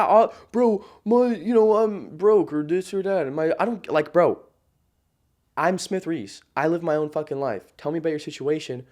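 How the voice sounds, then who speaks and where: A young man in his late teens speaks as a podcast guest, with a voice pitched a little higher than most men. He talks bluntly and swears freely, keeps saying "bro," and restarts his sentences as he rambles through his stories. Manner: blunt, profane, emphatic, peppered with "bro". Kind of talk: casual podcast storytelling.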